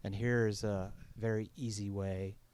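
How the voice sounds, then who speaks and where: A man's voice: on the low side, level tone, unhurried, darkish tone, smooth. A man hosting an interview show, giving short affirmations and promoting an exhibit at the close. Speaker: host.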